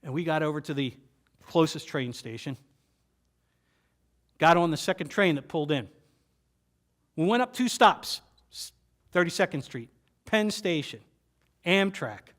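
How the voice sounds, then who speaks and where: A man presenter telling a personal story to an audience, with dramatic pauses and repeated phrases that sink to a quiet voice. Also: on the high side, expressive. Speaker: keynote presenter.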